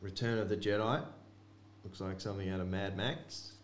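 A man's voice: low voice, fairly even intonation, moderate pace. A man hosting a card break, chatting offhandedly to viewers as he opens packs. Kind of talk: casual card-break commentary. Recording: echoey room with faint noise.

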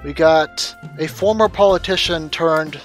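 A man's voice: a little high, unhurried, soft background music. A man hosting a casual gameplay stream, wry and blunt, with dry asides and casual swearing. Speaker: streamer host.

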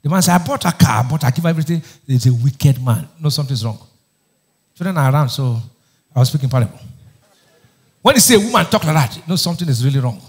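A man's voice: mid-range voice, lively intonation, quick pace, long pauses. A man preaching a sermon as pastor, firing questions back at the congregation for them to answer. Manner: call-and-response questions to the congregation; emphatic preaching, often raising his voice.

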